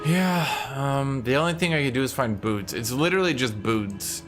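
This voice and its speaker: Male game streamer, loose chatty talk to viewers with casual swearing; clear music bed behind him. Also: medium pitch, lively intonation, normal speed. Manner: frustrated, swears casually, talks to chat.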